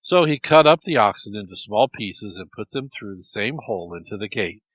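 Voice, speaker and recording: Lively low-voiced male storyteller. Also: normal speed, no echo, rough recording. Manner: lively, expressive. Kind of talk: storytelling narration.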